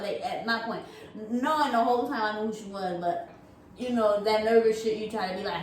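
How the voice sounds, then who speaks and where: A woman co-hosting a couple's channel, telling a story in a casual, animated, laughing way with lots of slang and swearing. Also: mid-range voice, brisk, slight background noise. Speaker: co-host. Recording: echoey room, far from the mic.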